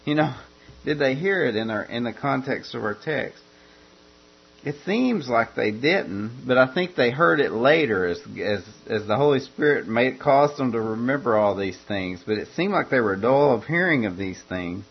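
A man preaching a verse-by-verse sermon in a measured, repetitive way, often restarting his phrases. His voice sits at an ordinary middle pitch. The recording is dull and lo-fi, with a low mains hum running underneath. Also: animated, husky. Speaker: pastor. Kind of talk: expository sermon.

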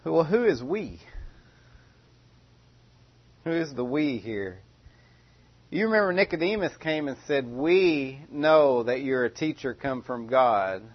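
A man's voice: mid-range voice, expressive, slow, pauses often, muffled recording. Man preaching a conversational sermon. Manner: conversational, questioning, with frequent restarts.

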